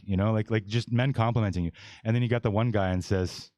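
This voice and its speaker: A man in his forties with a very low voice hosts a casual podcast discussion. He talks bluntly and meanders, restarting sentences and piling on fillers. The sound is close and dry, with no room around it. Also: very fast, a little mellow, no echo. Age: 40s. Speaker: podcast host.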